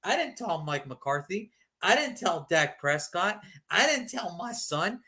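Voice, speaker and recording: A man's voice: high-pitched, sing-song, a little slow, pushed and bright. A man co-hosting a sports prediction show, talking casually and animatedly, swearing and slipping into mock voices.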